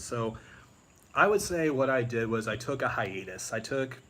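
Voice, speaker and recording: A YouTube creator on a live stream, this man chats casually at normal speed in a mid-range, slightly bright voice. He rambles with many fillers and restarts, breaking into movie-quote impressions. A little hiss or hum sits in the background.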